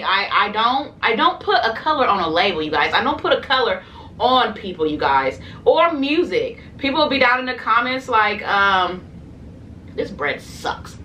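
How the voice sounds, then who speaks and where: A woman's voice: mid-range voice, sharp tone. Chatty young woman vlogging while eating. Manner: chatty, rambling, lots of fillers and "you guys". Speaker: mukbang and reaction channel host. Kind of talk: casual chat to camera while eating. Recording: slightly distant mic with faint room noise.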